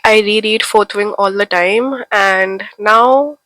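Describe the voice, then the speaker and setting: A woman's voice: mid-range voice, slow, fairly bright tone, no room sound, low-quality recording. A young woman from India with a head cold, chatting to camera as a book vlogger in an enthusiastic, gushing way. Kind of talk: casual chat to camera.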